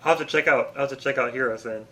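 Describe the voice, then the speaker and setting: A man's voice: medium pitch, racing, fairly bright tone. A man co-hosting a podcast, chatting in an easygoing way. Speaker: podcast host. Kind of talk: casual chat.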